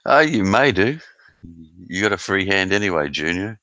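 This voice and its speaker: A man's voice: low voice, sing-song, normal speed, bright, forceful tone, dry recording. An Australian man hosting a live stream, chatting casually with viewers and swearing freely in a laid-back way. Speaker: live stream host reading chat. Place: at home in South Australia.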